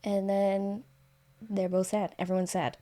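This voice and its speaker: A woman's voice: medium pitch, flat delivery, a little slow, warm tone. A woman recounting a story in an easygoing chat. She rambles, doubles back and corrects herself with plenty of fillers. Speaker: guest author. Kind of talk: casual storytelling.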